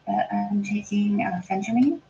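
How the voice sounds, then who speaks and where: A woman telling a story in a calm, measured way during a casual chat, heard over lo-fi call audio. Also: mid-range voice, creaky, faint music behind.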